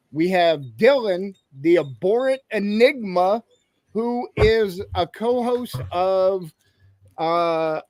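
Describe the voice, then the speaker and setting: A man's voice: high-pitched, darkish tone, dry recording. Chatty male livestream host, dry close sound. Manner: loose and rambling, greets viewers in chat. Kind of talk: casual live show chat.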